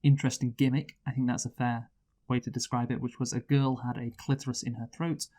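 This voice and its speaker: A man with a voice of ordinary pitch hosts a casual film review. He keeps steering the conversation back to the plot and reads out background notes. He laughs easily between points. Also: little pitch movement, fairly quick, mellow. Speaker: host of a movie review show. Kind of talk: casual chat with read plot summary.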